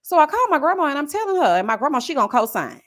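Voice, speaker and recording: A woman in her forties telling a personal story to her viewers in a casual, animated vlog, speaking straight to the audience. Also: high-pitched, very fast. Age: 40s. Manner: animated, addresses viewers directly. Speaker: vlogger.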